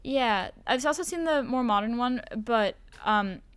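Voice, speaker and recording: A woman's voice: fairly high pitch, lively intonation, a little slow, clean tone, no echo. A teenage girl answering interview questions in casual, thoughtful chat with some hesitant fillers. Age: teens. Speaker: student actor, interview guest. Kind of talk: casual chat on a school podcast.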